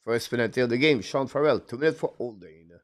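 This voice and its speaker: A man calling hockey play-by-play on a live stream. He talks haltingly, with frequent "uh" fillers, broken English phrasing and apologetic self-corrections. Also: medium pitch, no room sound, studio quality. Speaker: play-by-play commentator and show host.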